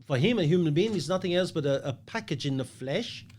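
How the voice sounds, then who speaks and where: A man's voice: fairly high pitch, lively intonation, brisk, darkish tone. A man hosting a casual podcast chat, talking emphatically and philosophically and swearing casually. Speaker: podcast host.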